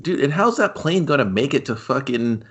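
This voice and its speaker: A man's voice: medium pitch, animated, moderate pace, husky. A man co-hosting a casual movie review, mocking the plot, swearing and laughing often. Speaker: podcast co-host.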